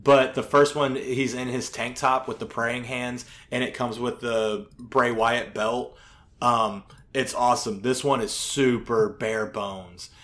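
Man, podcast co-host, casual rambling chat, lots of ums, average pitch. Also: fairly even intonation, slow pace, a bit bright. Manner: rambling, filler-heavy, occasional swearing.

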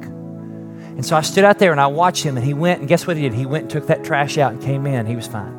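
With music in the background, a middle-aged pastor speaks at medium pitch and a little fast. His conversational sermon, delivered to a live congregation and an online stream, moves through rhetorical questions to rising emphatic points and closes softly in prayer.

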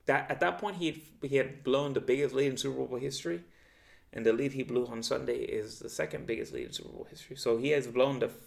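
Gravelly man venting in casual chat. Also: medium pitch, fast. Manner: profane, animated venting with quoted self-talk. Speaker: podcast co-host, football fan.

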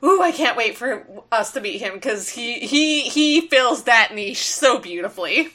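A woman's voice: fairly high pitch, expressive, unhurried, sharp tone. A woman co-hosting a podcast, chatting playfully, teasing her partner and swearing casually. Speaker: podcast co-host. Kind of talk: casual chat.

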